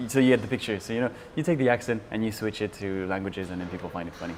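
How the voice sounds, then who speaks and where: Man, young adult, French accent, low voice, halting interview answers, faint background ambience. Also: a little hiss or hum. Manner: halting, many fillers and restarts. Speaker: interview guest.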